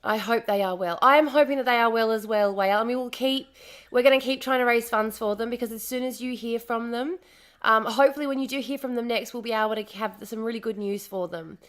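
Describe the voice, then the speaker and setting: An Australian woman chatting casually on a live stream, slightly hoarse from a lost voice, repeating herself as she greets viewers. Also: fairly high pitch, quick pace.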